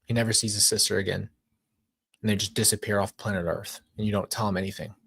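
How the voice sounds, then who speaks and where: A man's voice: fairly low pitch, flat delivery, fast, vocal fry, a bit bright, husky, no echo, studio quality. A man reacting live to court testimony in a casual, emotional, rambling way, often repeating himself and searching for words. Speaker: commentary streamer.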